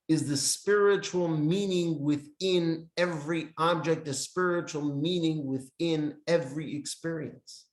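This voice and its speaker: Man teaching in an echoey room. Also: a little high. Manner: speaks in short emphatic phrases with pauses; reads from a text handout. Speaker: teacher of a Jewish meditation class. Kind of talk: classroom lesson with storytelling. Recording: roomy echo.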